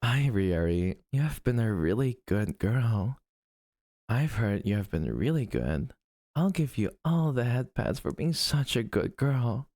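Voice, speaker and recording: A man voicing a doting, affectionate low-voiced man who murmurs slow, soothing praise during a live stream. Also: sing-song, darkish tone, no echo, studio quality.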